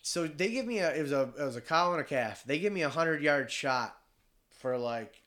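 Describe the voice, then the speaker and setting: A man from Michigan telling a hunting story in casual chat, animated and swearing freely as he acts out the voices of the people in it. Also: on the high side, moderate pace.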